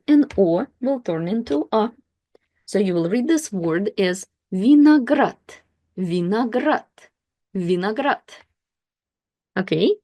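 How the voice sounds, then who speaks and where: A woman's voice: mid-range voice, darkish tone, no room sound, studio quality. A woman teaching reading, spelling out letters and repeating each word three times. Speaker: Russian language teacher. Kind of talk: slow pronunciation lesson.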